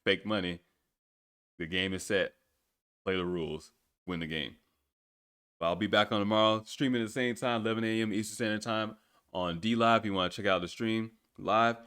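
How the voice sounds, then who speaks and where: A man talks through his solo podcast in a deep, low voice. He rambles in a loose, offhand way and swears casually as he goes. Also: fairly even intonation, normal speed, long pauses, a bit bright, clean tone. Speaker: podcast host.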